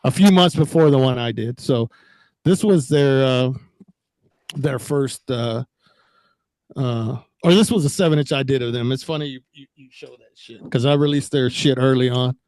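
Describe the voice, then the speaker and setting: A man from Texas, a guest on a video call, telling stories in a profane, animated way. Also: medium pitch, moderate pace, dry recording. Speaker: guest, former record label owner. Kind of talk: casual chat on a video call.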